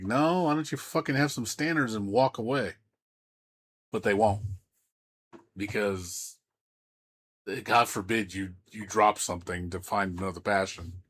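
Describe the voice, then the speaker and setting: A man's voice: lowish voice, normal speed, a bit bright, husky. A man streaming games, ranting in a heated, profane way with lots of stammering restarts. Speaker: game streamer. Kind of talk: live-stream rant.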